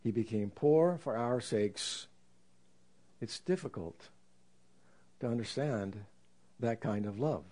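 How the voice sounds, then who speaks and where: A man preaching a sermon in an earnest, reflective way, slowing down to stress scripture. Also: mid-range voice, animated, dark tone. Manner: earnest, reflective, with slow emphatic scripture quotes.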